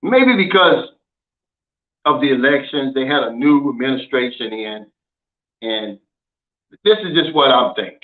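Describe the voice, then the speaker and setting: A man's voice: medium pitch, lively intonation, unhurried, pauses often. Folksy man with phone-like audio. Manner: folksy and emphatic, often says "man". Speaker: channel host. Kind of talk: casual vlog talk, reading viewer comments. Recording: narrow phone-like sound.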